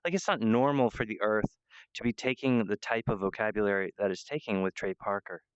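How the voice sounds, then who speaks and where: A man's voice: fairly low pitch, a little fast, lo-fi sound, slight background noise. A man giving a meandering spiritual monologue, full of fillers and restarts.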